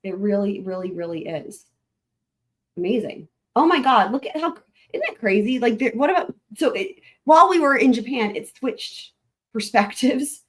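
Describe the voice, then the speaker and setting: A woman's voice: a little high, lively intonation, normal speed. A woman hosting a casual livestream, chatting with her viewers in a rambling, laughing way, with a lilt. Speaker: livestream host.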